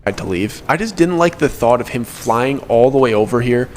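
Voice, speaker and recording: A man's voice: medium pitch, expressive, brisk, darkish tone, slight background noise. A young man narrating a personal story in the first person, earnest and confessional, now and then correcting himself.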